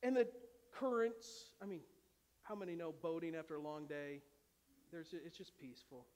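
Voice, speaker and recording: A male pastor preaching a dramatic sermon, dropping to a hush and rising to shouts, with humorous asides. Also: a little high, moderate pace. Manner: dramatic, swings from hushed to shouting. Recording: long hall reverb.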